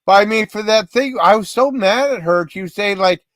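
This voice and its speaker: A man hosting a casual livestream tells rambling personal stories in a fairly high voice. He restarts his sentences often and gets worked up as he goes. The sound is dry and close. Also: normal speed, hardly any pauses, fairly bright tone, no room sound. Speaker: livestream host.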